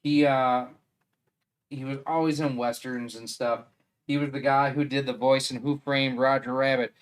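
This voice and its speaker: A man's voice: medium pitch, little pitch movement, normal speed. A man with a Wisconsin accent chatting casually on a live stream, rambling and thinking aloud as he assembles a 3D printer.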